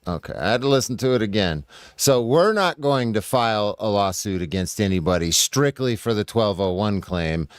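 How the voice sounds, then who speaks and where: A man's voice: lowish voice, lively intonation, moderate pace, clear, resonant tone, dry recording, clean studio sound. A man reacting to a clip in casual commentary, profane, sarcastic and combative.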